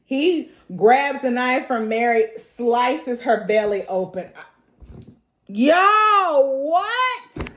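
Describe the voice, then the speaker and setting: A woman giving a casual, animated recap and reaction, laughing often and acting out the characters' quotes. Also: on the high side, slow, few pauses. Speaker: TV recap vlogger. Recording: roomy echo.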